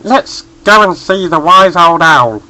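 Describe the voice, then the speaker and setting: A man's voice: on the high side, expressive, slow, pushed and bright, voice pushed up, full character voice, rough recording. A man doing an eager young bear. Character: young male bear forced into fine clothes.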